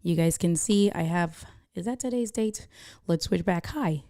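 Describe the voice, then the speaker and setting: A woman's voice: fairly low pitch, measured pace, warm tone. A woman live streamer chatting casually from her home setup, reacting to viewer comments and laughing often. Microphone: desk streaming mic through a mixer.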